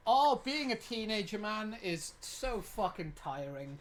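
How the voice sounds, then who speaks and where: A streamer in their twenties, giving lively gameplay commentary, reading game text aloud and swearing often. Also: medium pitch, measured pace. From United Kingdom. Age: 20s.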